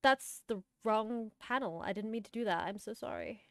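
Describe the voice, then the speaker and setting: A woman's voice: fairly high pitch, normal speed, a bit bright, dry recording. A woman hosting a livestream, chatting casually and giggling while she plays with friends and apologizes often. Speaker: streamer and host.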